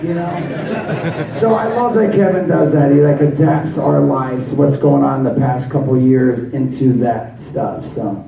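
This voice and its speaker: A middle-aged man tells rambling, swear-filled stories at a fan panel, laughing as he goes. His voice is gravelly and very dark. It comes across roomy and distant, as if recorded from across a convention hall. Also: mid-range voice, unhurried. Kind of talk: casual storytelling Q&A. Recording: roomy hall audio from far off.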